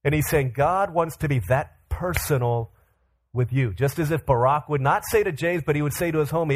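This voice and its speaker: A man's voice: fairly high pitch, expressive, normal speed, husky. A man preaching to young people, telling playful stories with acted-out voices. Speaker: pastor. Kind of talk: sermon to a youth audience.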